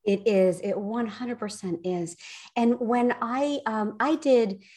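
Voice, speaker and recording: A woman's voice: on the high side, slow pace. A woman hosting an interview, chatting enthusiastically and sharing a personal story as a parent. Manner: enthusiastic, chatty, warm affirmations. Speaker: interview host. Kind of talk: casual chat.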